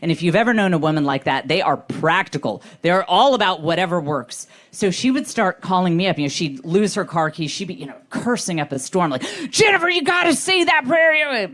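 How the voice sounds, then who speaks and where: A middle-aged woman performing a stand-up comedy set, telling self-deprecating stories with animated delivery. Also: on the low side, fairly quick, hardly any pauses.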